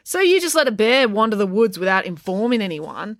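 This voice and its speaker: A woman's voice: mid-range voice, big pitch swings, brisk, dry recording, clean studio sound, voice pushed up. A woman voicing a pompous, argumentative young boy in a storybook reading, precise and protesting.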